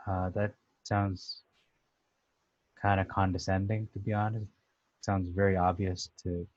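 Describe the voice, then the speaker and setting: A man giving a casual, conversational commentary on a Bible passage, thoughtful and pausing with "uh" as he restarts. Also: sits low, level tone, no room sound, dull audio. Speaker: Bible teacher.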